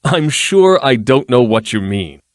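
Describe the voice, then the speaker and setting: A man's voice: mid-range voice, expressive, moderate pace, no echo, clean studio sound, pitched above the performer's own voice, lightly acted. A man reading an audiobook, voicing a foppish young nobleman with a lazy, teasing drawl.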